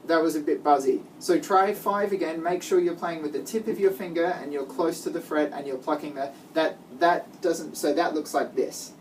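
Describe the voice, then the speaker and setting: A woman with a low voice gives a child a one-on-one guitar lesson, patiently walking through each step and praising often. She talks at a normal speed with few pauses, and the mic is distant, picking up guitar playing.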